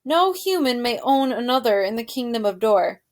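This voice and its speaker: A woman voicing a dutiful male soldier of the king who speaks formally and loudly in a storybook read-aloud. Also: a little high, big pitch swings. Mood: formal, firm. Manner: formal, loud, deliberate. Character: the king's soldier, dutiful, stern but kind, male.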